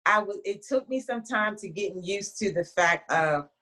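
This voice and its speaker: A woman author in an interview, telling her story in a chatty, lively way with frequent restarts. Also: medium pitch, moderate pace.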